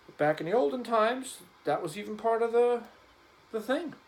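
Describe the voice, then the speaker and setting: Rambling man with a lively voice. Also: very high-pitched, moderate pace, poor audio. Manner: rambling, joking, offhand. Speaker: vlogger. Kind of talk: casual talk while cleaning a gun.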